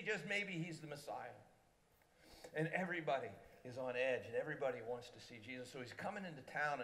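Animated storytelling preacher, man. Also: on the high side. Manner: animated storyteller, acts out quotes. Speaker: pastor. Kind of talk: sermon. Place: church services in a theatre. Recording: long reverb in a large theatre.

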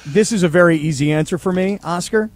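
Animated storytelling man on sports radio. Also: high voice, fast talker. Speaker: radio host guest, former kicker. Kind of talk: casual sports radio chat.

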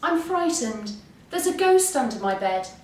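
A woman voicing a timid young male frog who is easily scared, speaking high and anxious in a storybook reading. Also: big pitch swings, moderate pace, a little mellow, close to an everyday voice. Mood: frightened. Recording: roomy, distant mic.

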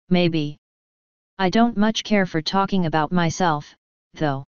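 A woman's voice: on the low side, slow pace, a little mellow, smooth, dry recording, muffled recording. A woman reading first-person fan fiction aloud in a casual, offhand way, swearing freely. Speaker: audiobook reader.

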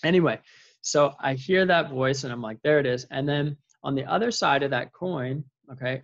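A man's voice: mid-range voice, creaky, slightly rough, no room sound, dull audio. A man talking in a casual, earnest and rambling way about his faith, with many restarts and fillers. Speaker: vlogger sharing faith reflections. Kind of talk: casual spoken reflection.

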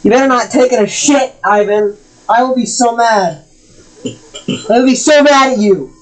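A woman's voice: on the high side, unhurried, low-quality recording. A woman chatting casually while gaming, swearing a lot and scolding her cat in exasperated bursts. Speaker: gamer streaming with friends.

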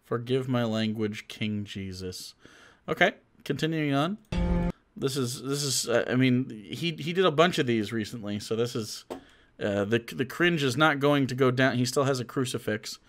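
Sarcastic man with a bright voice. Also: medium pitch, animated, normal speed, faint music behind. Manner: sarcastic, mocking, laughs often. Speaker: streamer reacting to videos. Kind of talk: live-stream commentary.

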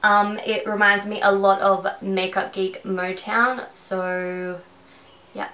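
A woman's voice: mid-range voice, level tone, slow pace, pauses often, bright, forceful tone, roomy sound, rough recording. A woman with an Australian accent talking through a makeup tutorial in a rambling, conversational way, at home. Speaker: beauty vlogger.

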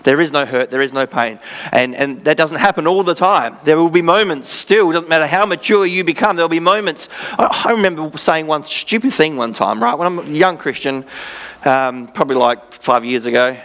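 With a fairly high, fairly bright voice and a moderate pace, this Australian man gives a sermon that feels earnest but chatty. He pokes fun at himself now and then.

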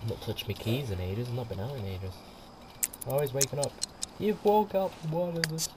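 A man's voice: mid-range voice, moderate pace, noisy background. A man giving casual, rambling commentary over gameplay, chatting away and laughing often. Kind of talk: casual let's-play commentary. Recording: quiet home mic with music behind.

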